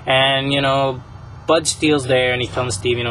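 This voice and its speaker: A man hosting a casual podcast, rambling through a story pitch with many fillers. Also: a little fast, noisy background. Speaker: podcast host.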